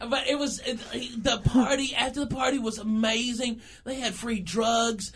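A man in his thirties telling a funny story in a casual chat, animated and laughing through his lines, often saying okay and all right. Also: extremely high pitch, moderate pace, slight background noise.

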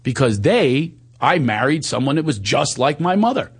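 This is a man's candid, animated account of something personal, told conversationally at normal speed with a breathy edge. Tender moments bring his voice low and soft, while self-quotes rise into higher voices.

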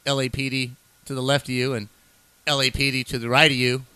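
A man's voice: medium pitch, flat delivery, a little fast, sharp tone, clean tone, dry recording, low-quality recording. A man co-hosting a podcast, laid-back and explaining in a casual way. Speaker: co-host. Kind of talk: casual banter.

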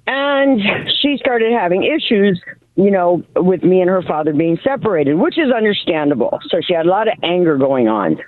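A woman calling in to a radio show, telling her story in a lively way and acting out what she said to her kids. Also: on the low side, moderate pace, no echo. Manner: animated storyteller acting out her own quotes. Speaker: caller. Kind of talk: phone-in story. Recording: tinny phone line.

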